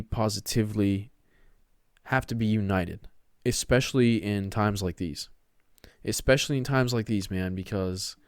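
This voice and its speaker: A man's voice: fairly low pitch, smooth, no room sound, clean studio sound. A young man from Texas hosting his own podcast, talking alone in a loose, rambling way, full of "dude" and "man", now and then slipping into a showy put-on voice. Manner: rambling, slangy, keeps saying dude and man. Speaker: podcast host. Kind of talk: solo casual monologue.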